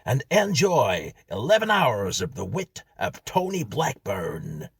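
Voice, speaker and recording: A brash American announcer booms from a record, as a man puts him on. The voice is pushed high and loud. It has a husky edge. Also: huge pitch swings, slow, dry recording, studio quality, exaggerated voice. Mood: booming. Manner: booming showman announcing.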